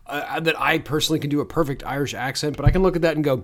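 A man from Canada who co-hosts a movie podcast. He talks in an animated way and slips into comic impressions. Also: on the high side, rapid-fire. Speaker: podcast co-host. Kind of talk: casual movie-review chat.

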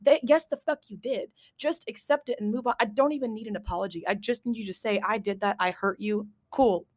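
A woman's voice: fairly high pitch, quick pace, darkish tone, no room sound. A woman hosting a podcast in casual chat, blunt and emphatic, swearing freely. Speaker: podcast host.

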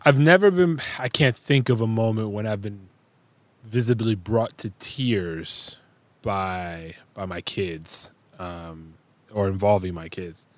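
A man in his thirties on a podcast, joking around in casual chat and speaking deliberately. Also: fairly low pitch, no echo. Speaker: podcast co-host, father.

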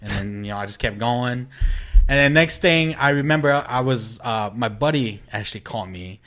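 A man telling a story in casual chat, animated and acting out other people's lines in a raised voice. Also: normal speed, slight background noise. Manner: animated storyteller, acts out quotes in a high voice.

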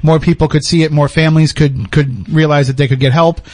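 A man's voice: on the high side, fairly even intonation, darkish tone, dry recording. A man hosting a casual podcast chat who likes to tease his guests. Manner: fast-talking and teasing. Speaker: podcast host.

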